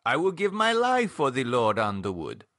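A man's voice: mid-range voice, huge pitch swings, normal speed, fairly bright tone, dry recording, studio quality. A man voicing a devoted older woman in a sect who speaks earnestly and solemnly. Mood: fervent.

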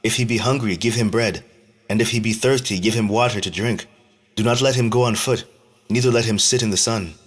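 A man's voice: lowish voice, fairly quick, natural voice. A man reading the lines of Sarah, an old mother who pleads tenderly for her son in archaic speech. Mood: pleading.

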